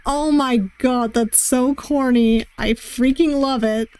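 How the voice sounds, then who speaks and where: A woman streaming a romance game, chatty and giggly and quick to poke fun at herself. Her voice sits a little high and she talks in an unhurried way. She is close on a desk mic with a dry sound. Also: steady tone, darkish tone, clean tone, no room sound. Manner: chatty, giggly, self-deprecating. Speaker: gaming streamer. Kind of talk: casual let's-play commentary.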